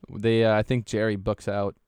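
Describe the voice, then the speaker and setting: A man's voice: on the low side, monotone, moderate pace, a little mellow, smooth, no room sound. A young man hosting a casual sports podcast, wry and teasing.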